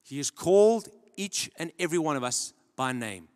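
A man preaching a sermon in earnest storytelling style, dropping to a hush and then rising to loud emphasis. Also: a little high, lively intonation, moderate pace. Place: large church hall. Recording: long church-hall reverb.

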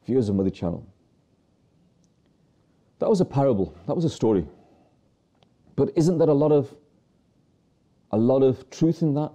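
A man's voice: mid-range voice, animated, normal speed, long pauses, mellow. A man presenting a religious talk to viewers, earnestly preaching with rhetorical questions and repeated phrases.

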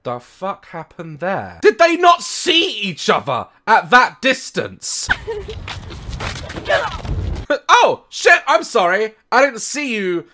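A young woman on a headset, giving casual gaming commentary with crude jokes, giggles and loud exclamations. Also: medium pitch, huge pitch swings, takes it slowly, a little hiss or hum. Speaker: gaming video creator.

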